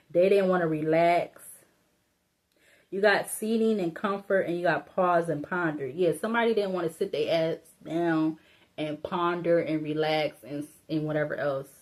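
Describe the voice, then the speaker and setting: A woman's voice: on the low side, darkish tone. A woman giving a casual solo tarot reading, thinking aloud, rambling and laughing to herself, blunt and informal. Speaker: tarot reader.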